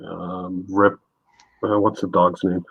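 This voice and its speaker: A man's voice: sits low, flat delivery, takes it slowly, creaky, slightly rough, dry recording, highs cut off. A man hosting a live stream, easygoing and chatty, reading out viewer comments. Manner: easygoing, reads chat comments aloud. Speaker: stream host. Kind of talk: casual chat on a live stream.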